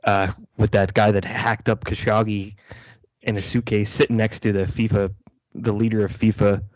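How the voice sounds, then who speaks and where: A man's voice: lowish voice, level tone, normal speed, a little mellow, no room sound, rough recording. A man in a casual podcast chat, laid-back and wry, with some swearing. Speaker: podcast co-host.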